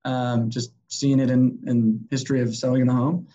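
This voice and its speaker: A man, a sales consultant guest, telling stories in a casual, energetic way and acting out the people he quotes. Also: mid-range voice, normal speed, lo-fi sound. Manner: energetic, animated, acts out quotes. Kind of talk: casual storytelling.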